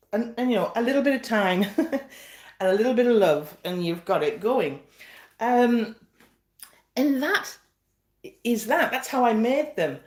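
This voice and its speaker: A woman's voice: a little high, a little mellow. A woman home baker chatting on a casual live stream, friendly and a little self-deprecating. She wanders off to fetch things and comes back mid-sentence. The room has a noticeable echo. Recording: echoey room.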